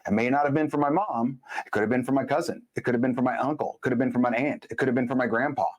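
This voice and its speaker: A male podcast guest with a medium-pitched voice talks bluntly and emphatically in casual conversation, telling stories peppered with quick asides.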